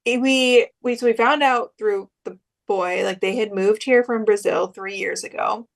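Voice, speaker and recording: A young woman co-hosting a podcast, telling a long story in a loose, chatty way. She stays at a middle pitch and breaks into quoted voices as she goes. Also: normal speed, vocal fry. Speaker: podcast co-host. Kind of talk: casual chat.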